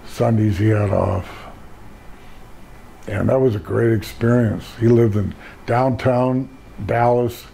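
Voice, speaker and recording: A hoarse older man telling stories about his career in a casual interview, rambling and correcting himself. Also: lowish voice, dark tone, a little hiss or hum, rough recording. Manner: rambling storyteller, self-correcting. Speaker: interview guest.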